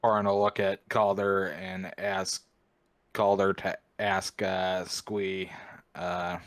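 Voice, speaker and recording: Man, tabletop player, very low flat voice, deadpan, dry sound. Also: takes it slowly, dry recording. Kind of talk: casual tabletop role-play.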